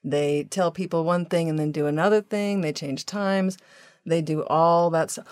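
A woman's voice: low voice, steady tone, normal speed, a little mellow, dry recording, clean studio sound. An American woman, a podcast guest, speaking firmly and matter-of-factly. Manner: firm, matter-of-fact. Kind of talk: casual podcast interview.

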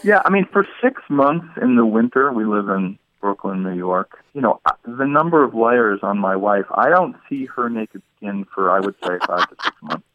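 A middle-aged man, a guest poet, chatting and reading his humorous poems aloud in a dry, deadpan way. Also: fairly low pitch, moderate pace, hardly any pauses, no echo. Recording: tinny phone-like line.

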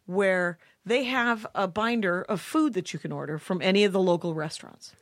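A wry woman comedian chats casually at a medium pitch, trading quick asides and laughing often. Her voice sits very dry and close to the microphone. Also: dry recording. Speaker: podcast co-host, comedian. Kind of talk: casual chat.

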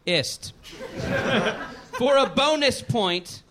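A man's voice: very high voice, lively intonation, extremely slow, crowd noise. A man hosting a live comedy quiz show on stage, reading out questions and cracking jokes between them. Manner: jokey, reads questions then riffs.

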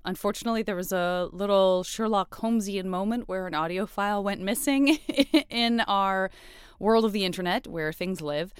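A woman's voice: medium pitch, moderate pace, clean tone. A woman with a General American accent hosting a podcast, chatting casually and rambling with self-deprecating humor. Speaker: podcast host. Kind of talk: casual chat.

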